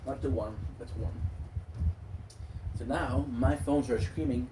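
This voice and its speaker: A man's voice: medium pitch, fairly even intonation, a little slow, long pauses, noisy background. A man rambling playfully in a casual monologue, joking and drifting between topics and dropping in stray French and Spanish phrases. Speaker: gaming streamer.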